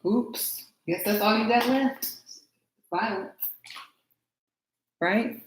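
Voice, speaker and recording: A woman's voice: fairly high pitch, extremely slow. A woman vlogger chatting casually with her stream chat while getting ready, laughing and answering comments. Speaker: beauty vlogger livestreaming to chat. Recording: roomy echo, faint noise.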